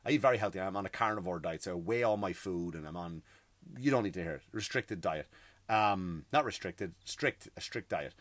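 A middle-aged host ranting about everyday hassles in an exasperated, profane, emphatic way. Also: male voice, low-pitched, fairly quick, a bit bright, no room sound. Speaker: podcast host. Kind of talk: comedic rant.

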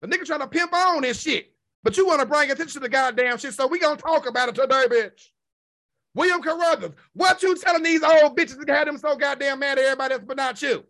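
A man's voice: extremely high pitch, quick pace, pushed and bright. A man hosting an online show, delivering a sassy, profanity-heavy rant full of insults.

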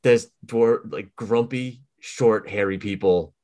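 A man's voice: on the low side, fairly even intonation, takes it slowly, a little mellow. A man co-hosting a podcast and dungeon master, from the Boston area, talking casually in a rambling, wry way with frequent self-corrections. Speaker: podcast co-host and game master. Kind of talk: casual chat.

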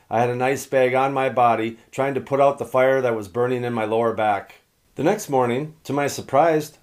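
Middle-aged male narrator, steady reflective storytelling, mid pitch. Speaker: former hockey player telling his story. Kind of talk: scripted personal narration.

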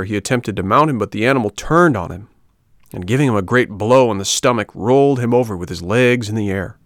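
Low guy reading a kids storybook, dry close sound, steady pace. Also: no echo. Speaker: audiobook narrator. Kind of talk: storybook narration.

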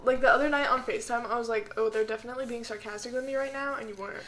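A young woman with a high voice chatting with friends. She giggles easily and keeps picking up and repeating what the others say. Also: steady tone, rapid-fire, a bit bright. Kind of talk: casual chat among friends.

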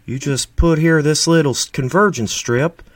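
A man putting on a laid-back Southern male tech video host with a slow, soothing drawl. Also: fairly high pitch, no echo, pitched above the performer's own voice, natural voice. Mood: friendly.

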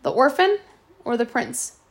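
Calm, probing manservant read by a woman, soft measured questions, gravelly edge, fairly high voice. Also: heavily acted. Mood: questioning. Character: calm, probing grown male servant.

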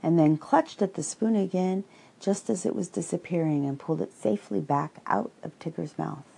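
A woman reads a children's storybook aloud, slow and gentle. Her voice is low, dark and husky with a gravelly edge. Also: low-quality recording. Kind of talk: storybook reading.

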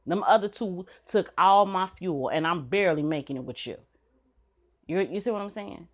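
A woman's voice: lowish voice, moderate pace, lo-fi sound. A middle-aged woman, hosting a podcast and telling stories bluntly with frequent swearing and laughs. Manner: blunt, swears freely, laughs between points. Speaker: podcast host. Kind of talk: candid storytelling monologue.

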